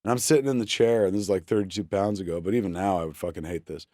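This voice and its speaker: A man's voice: low voice, racing, dry recording. A man in his forties, a guest on a talk show, telling a story in casual, profane fashion and acting out what people said, recorded on a studio microphone. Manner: profane, animated storyteller who acts out quotes.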